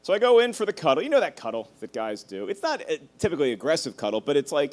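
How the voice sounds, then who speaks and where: A male stand-up comedian with a somewhat high speaking voice works through a set. He tells animated stories, swears freely and laughs at his own jokes. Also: fairly quick.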